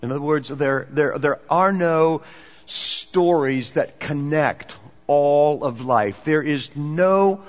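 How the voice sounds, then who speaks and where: A man's voice: on the high side, slow pace. Preacher man in a dull echoing hall. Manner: swings between emphatic and hushed delivery. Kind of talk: sermon. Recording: dull, echoey hall recording.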